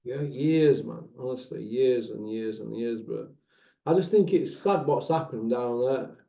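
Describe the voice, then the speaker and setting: A man hosting a casual chat, animated and bantering, swearing freely. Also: mid-range voice, a little slow, vocal fry, echoey room. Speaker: channel host. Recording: dull lo-fi sound.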